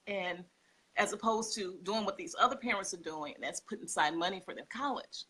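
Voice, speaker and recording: A woman's voice: fairly high pitch, breathy edge. A woman, a homeschooling mother telling heartfelt stories as a podcast guest. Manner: heartfelt, tearful, expressive storytelling. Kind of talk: emotional podcast interview.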